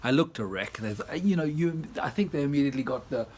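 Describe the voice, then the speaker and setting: Speaking fast with lively intonation and a darkish tone, a South African-born man tells a tired, rambling story while vlogging in his garden and yard. He laughs often, and there's slight background noise.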